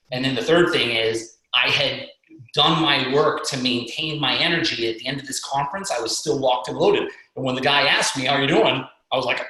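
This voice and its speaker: A middle-aged man telling motivational stories on a conference call, energetic and acting out what people said. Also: mid-range voice, a little fast. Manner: energetic, motivational, acts out quotes. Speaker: guest speaker and fitness coach. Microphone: video call. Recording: very echoey call audio.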